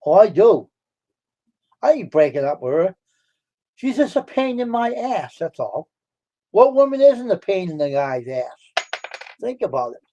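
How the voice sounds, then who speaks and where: A blunt, boastful man chatting on a live stream, his voice sitting a little high for a man. The audio is dull and lo-fi. He rambles loosely and talks tough. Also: very animated, unhurried, long pauses, mellow. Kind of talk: casual chat.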